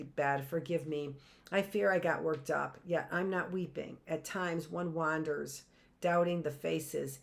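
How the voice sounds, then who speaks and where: A woman teacher reading a novel aloud in a measured, expressive way. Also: low voice.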